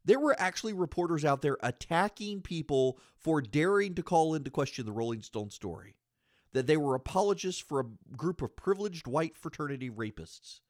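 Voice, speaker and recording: A man's voice: a little high, animated, normal speed, dry recording, clean studio sound. A man hosting a podcast, giving solo political commentary in an indignant, argumentative way and repeating phrases for emphasis. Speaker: podcast host.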